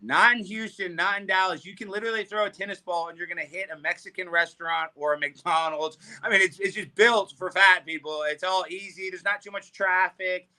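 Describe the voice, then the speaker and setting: Brash man with a sharp bright voice. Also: sits high, fairly even intonation, brisk, few pauses. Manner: brash, blunt, profane. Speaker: guest, political commentator. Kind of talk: casual talk show interview.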